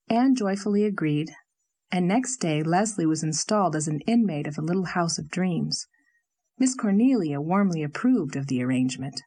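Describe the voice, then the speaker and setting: A woman with a fairly low voice narrates a novel. She reads in an even, measured storytelling manner, steady from line to line. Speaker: audiobook narrator. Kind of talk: scripted narration.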